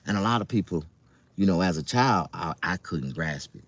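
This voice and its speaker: Middle-aged Southern man, very low voice, loose and profane, chatting his life story to viewers. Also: lively intonation, moderate pace, a bit bright. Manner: loose, profane, conversational with many fillers. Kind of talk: casual livestream storytelling.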